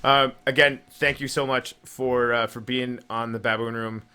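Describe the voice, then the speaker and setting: A man's voice: medium pitch, flat delivery, normal speed, bright, forceful tone, smooth. A man hosting a podcast, chatting casually, laughing often and stumbling over his words. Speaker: podcast host. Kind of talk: casual chat.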